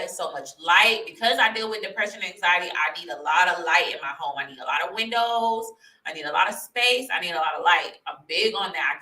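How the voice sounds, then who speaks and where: A woman tells her personal story in an earnest, emotional way, close to tears and rambling with restarts. Her voice is bright and clear. The room sounds echoey, and she is some distance from the mic. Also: lowish voice. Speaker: vlogger sharing her testimony.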